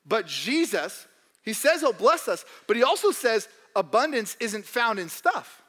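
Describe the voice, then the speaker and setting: Young male pastor, very high and bright voice, humorous sermon with mock voices, long church reverb. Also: big pitch swings, measured pace. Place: church hall.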